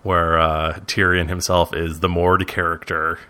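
A man's voice: low-pitched, flat delivery, a little slow, sharp tone, clear, resonant tone. A man co-hosting a casual podcast, easygoing and dry as he chimes in on the story. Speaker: podcast co-host. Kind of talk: casual chat.

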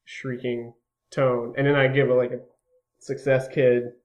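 Speaking in a mid-range, level voice, a man at a tabletop role-playing game lays out his character's moves with animation, laughing and quickly restarting his sentences.

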